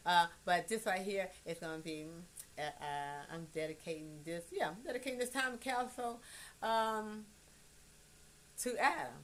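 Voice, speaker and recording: A middle-aged woman on a phone livestream, talking to her grown son in a rambling, blunt monologue. She swears freely and swings between soft and loud. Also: lowish voice.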